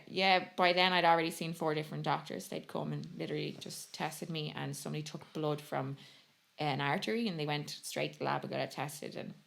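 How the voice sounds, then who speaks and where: Gravelly young woman. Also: sits low. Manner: chatty, animated storytelling with frequent quoting. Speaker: guest. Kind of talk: casual interview storytelling.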